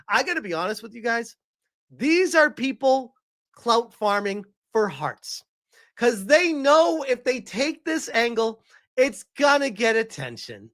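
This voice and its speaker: A man's voice: high-pitched, big pitch swings, measured pace, fairly bright tone. A man giving heated, profane reaction commentary, reading article quotes aloud between his own remarks.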